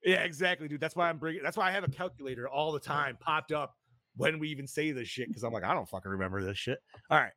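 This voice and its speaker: Excitable swearing man hosting a podcast. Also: a little high, fast talker, no echo, clean studio sound. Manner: excitable, swears often, says dude a lot. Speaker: podcast host. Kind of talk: casual movie-review podcast chat.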